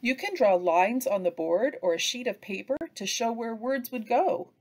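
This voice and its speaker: A woman giving an instructional training narration for early reading teachers, pausing to chant example phrases. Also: on the high side. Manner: slow, lively delivery with chanted example phrases.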